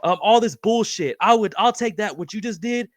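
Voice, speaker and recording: A man hosts a podcast in a high voice, recorded dry and close. He talks in an effusive, profane way, saying bro over and over as he reacts to his guest. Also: moderate pace, no room sound. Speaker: podcast host. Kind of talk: casual podcast interview.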